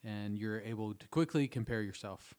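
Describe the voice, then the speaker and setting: Low-voiced man hosting a faith chat. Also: normal speed, a little mellow, smooth. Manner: affirming, with frequent short backchannels. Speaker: podcast host. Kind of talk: casual interview chat.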